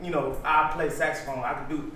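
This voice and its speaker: A man's voice: a little high, little pitch movement, a little fast, crowd noise, low-quality recording. A man in a casual chat, rambling with lots of "you know what I'm saying.".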